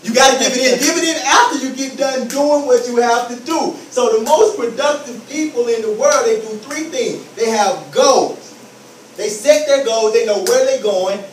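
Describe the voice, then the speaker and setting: High-voiced man giving an emphatic motivational talk. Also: moderate pace, roomy sound, recorded from a distance, a little hiss or hum, rough recording. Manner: emphatic, repeating phrases, acts out scenes. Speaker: motivational speaker.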